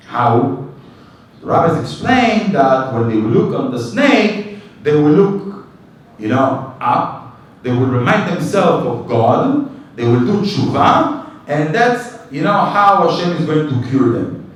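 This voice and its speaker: A man teaching a Torah class as a rabbi, telling stories in an animated way and acting out dialogue in simple, English. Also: on the high side, measured pace. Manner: animated storyteller, acts out dialogue, non-native English phrasing. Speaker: rabbi giving a weekly class. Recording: echoey room recorded from a distance.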